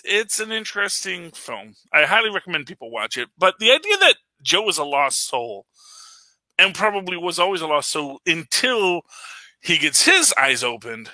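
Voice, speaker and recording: A man's voice: on the high side, pushed and bright, no room sound. A man hosting a casual podcast chat, rambling enthusiastically with frequent fillers and laughs. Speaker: podcast host reviewing a film.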